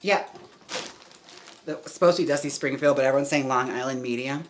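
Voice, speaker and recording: A man streaming live as a drag performer and wig stylist, trying on wigs and chatting in a campy way with quick laughing asides. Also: medium pitch, a little hiss or hum. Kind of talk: casual live-stream chat.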